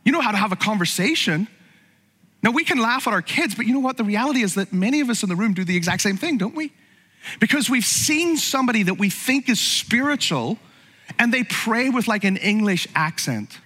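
A man's voice: sits high, lively intonation, a little fast, pushed and bright, husky, long reverb tail. A man preaching a sermon as pastor, conversational and humorous, with frequent asides to the congregation.

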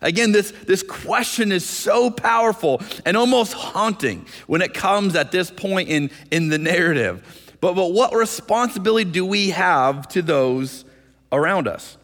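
Male pastor, earnest sermon delivery, slightly raised pitch, restarts phrases often, long hall reverb. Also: fairly bright tone. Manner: earnest preaching, acts out voices in quotes, frequent restarts.

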